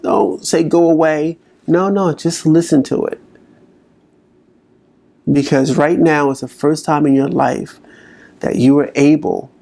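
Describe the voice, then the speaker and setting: A man speaking as a motivational speaker, slowly coaching listeners through a guided exercise. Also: medium pitch, creaky, mellow. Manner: slow, coaching delivery with long pauses.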